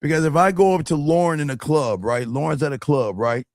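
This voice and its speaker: A man's voice: a little high, a little fast, dry recording. A man hosting a crude advice talk, brash, mocking and emphatic, swearing often. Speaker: host.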